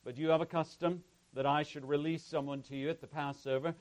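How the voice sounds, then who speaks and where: A male pastor reading a scripture passage aloud in a measured, solemn way, then praying and beginning his sermon. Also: fairly high pitch, fairly even intonation, a little mellow, low-quality recording.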